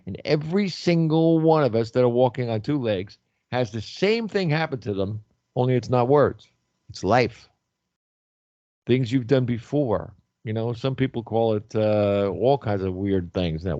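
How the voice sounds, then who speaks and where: A man's voice: medium pitch, unhurried, warm tone, no echo, dull audio. A man in his sixties hosting a talk show, chatting casually in a rambling way, repeating words and trailing off. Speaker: host.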